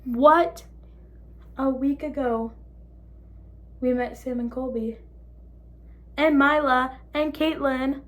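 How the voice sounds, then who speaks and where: This young woman has a high voice and speaks slowly, pausing often. She's vlogging casually, rambling with plenty of fillers while recounting something she finds exciting and hard to believe.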